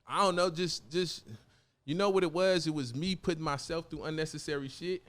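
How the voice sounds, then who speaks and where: A man's voice: fairly high pitch, steady tone, a little fast, fairly bright tone. A man from Oakland, a rapper guest in a casual studio interview, talking in thick slang, laughing often and restarting his sentences. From Oakland, California. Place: podcast studio.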